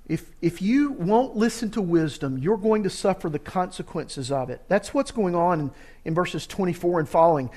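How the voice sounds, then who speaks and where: A man's voice: high-pitched, expressive, normal speed, a little mellow. Earnest man preaching a sermon. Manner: earnest, urgent scripture reading.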